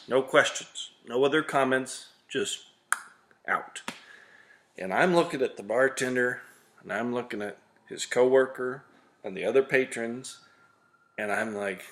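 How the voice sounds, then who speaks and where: A man's voice: mid-range voice, lively intonation, a little slow, fairly bright tone. A man ranting to camera on his vlog, exasperated and sarcastic, swearing now and then. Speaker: vlog host ranting about liquor. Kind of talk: comedic rant to camera.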